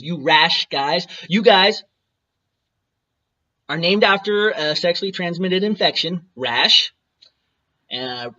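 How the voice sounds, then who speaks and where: A man's voice: high-pitched, sharp tone, muffled recording. A man in his thirties ranting to camera in a profane, mocking, taunting way, reading documents aloud between jabs. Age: 30s. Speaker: vlogger.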